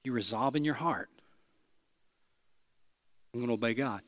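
A pastor, from East Tennessee, preaching a sermon with animated storytelling, self-deprecating humor and emphatic repetition. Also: male voice, mid-range voice, moderate pace, dry recording.

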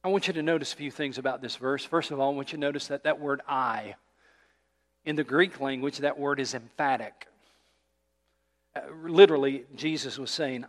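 Guy pastor preaching a sermon, kinda high voice, long echo off the church walls. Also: lively intonation, normal speed. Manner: conversational preaching with rhetorical questions. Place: church sanctuary.

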